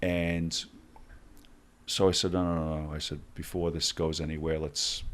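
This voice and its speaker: A middle-aged man with a very low voice recounts his experiences as a podcast guest. He acts out the dialogue in lively turns, speaking in conversational bursts. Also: moderate pace. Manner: animated storyteller acting out dialogue. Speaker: guest, former hostage negotiator. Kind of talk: storytelling in a podcast interview.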